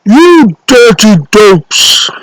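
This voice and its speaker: Storybook giant, bossy and bad-tempered, bellowing slowly, voiced by a man reading aloud. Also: very high voice, expressive, no echo, voice pushed up, full character voice, poor audio. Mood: roaring. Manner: slow bellowing demands.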